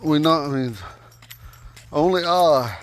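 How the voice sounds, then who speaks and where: A man giving a casual, folksy language lesson while out walking at night, talking into a phone and repeating words slowly. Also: fairly high pitch. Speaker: language teacher. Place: outdoors at night on a walk.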